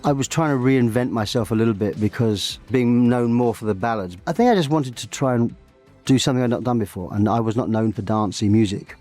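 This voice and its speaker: A man's voice: mid-range voice, a little fast, darkish tone, faint music behind. A man from England being interviewed, telling chatty stories and acting out quoted dialogue. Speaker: musician interviewee. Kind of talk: anecdotal interview recollection.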